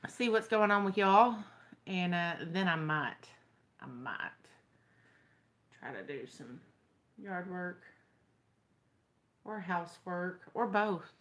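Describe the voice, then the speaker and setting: A woman's voice: on the low side, expressive, slow pace, pauses often, fairly bright tone. A young woman with a Texan accent, chatting casually to her viewers and telling wry stories. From Texas. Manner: chatty, storytelling, wry and drawling. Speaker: vlogger. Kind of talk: casual chat to camera.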